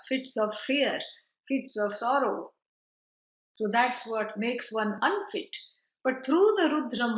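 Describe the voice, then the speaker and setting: A woman giving a chatty, digressive spiritual lecture, with quick laughs and asides. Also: fairly high pitch. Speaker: teacher of scripture. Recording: roomy, dull lo-fi recording.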